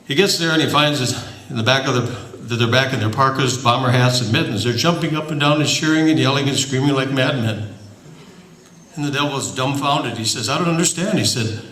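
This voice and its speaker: A man's voice: mid-range voice, brisk, fairly bright tone. Man telling a joke at a party in a roomy hall, stumbling and rambling. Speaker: joke teller. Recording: roomy hall with faint noise.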